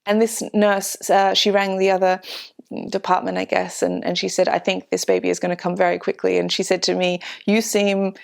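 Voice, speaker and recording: A woman vlogger telling a personal story in an emotional, halting way, with many restarts. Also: medium pitch, level tone, gravelly.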